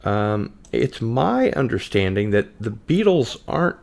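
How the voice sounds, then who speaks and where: A relaxed man with a very low, deep voice hosts a laid-back live podcast. He chats easily and reads out viewer comments between topics. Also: unhurried, vocal fry. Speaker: podcast host. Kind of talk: casual live-stream chat.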